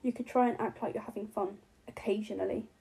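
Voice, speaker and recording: A woman's voice: mid-range voice, steady tone, fast talker, creaky, warm tone, breathy edge, rough recording. A woman reading the part of a cocky, tipsy young man who teases and provokes. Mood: teasing. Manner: teasing, provoking.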